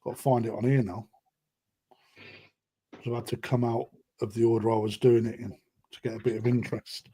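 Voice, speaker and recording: A man's voice: mid-range voice, level tone, fairly quick, long pauses, dark tone, husky, no echo. A man hosting a live online auction, chatting with bidders in a casual, matey way. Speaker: koi auctioneer.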